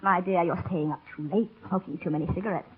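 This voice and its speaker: A woman's voice: lowish voice, quick pace, slight background noise, lightly acted. An actress playing a headstrong young society woman who brushes off worry, in a 1930s radio drama on a tinny old broadcast. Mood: flippant.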